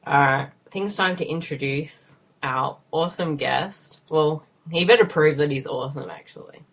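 A woman's voice: sits low, normal speed. Aussie woman hosting a podcast, giggles a lot, kinda under the weather, playful chatty banter. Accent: Australian. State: slightly sick. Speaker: podcast host. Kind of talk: casual chat.

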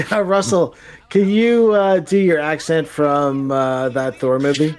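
A man's voice: on the high side, fairly even intonation, takes it slowly, darkish tone. A man co-hosting a casual movie podcast, rambling and chuckling. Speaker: podcast co-host.

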